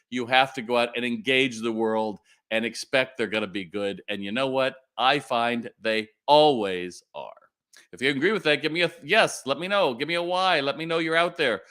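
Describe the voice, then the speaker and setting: A middle-aged man from California hosting a live retail Q&A stream, talking in an animated way and often asking viewers to respond. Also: medium pitch. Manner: animated, quick asides and audience calls to respond.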